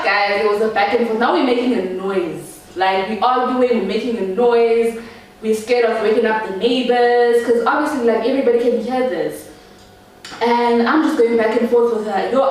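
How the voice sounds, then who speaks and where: Animated woman, echoey room. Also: mid-range voice, far from the mic. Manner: animated, slangy, addresses viewers as guys. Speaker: vlogger. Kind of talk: storytime chat. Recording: echoey room, voice a bit off-mic.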